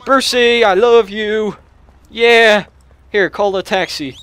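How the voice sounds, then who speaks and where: A young man giving excitable gameplay commentary on his own gaming channel, shouting and yelping at the game between quick chatter. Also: high-pitched, clear, resonant tone, no echo. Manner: loud, yelps and shouts at the game. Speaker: let's play gamer. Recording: lo-fi restored audio.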